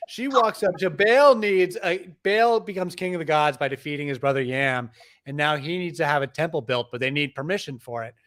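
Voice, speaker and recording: A middle-aged man with a somewhat high voice talks as an interview guest. He tells stories with animation and often restarts his sentences. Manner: animated storyteller, frequent restarts. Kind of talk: conversational explaining.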